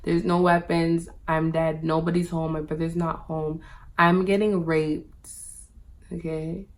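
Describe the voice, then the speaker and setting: A woman vlogger speaks a little slowly in a low, fairly monotone voice. She's chatting straight to her viewers, relaying a personal story casually, with "like" packed into nearly every phrase.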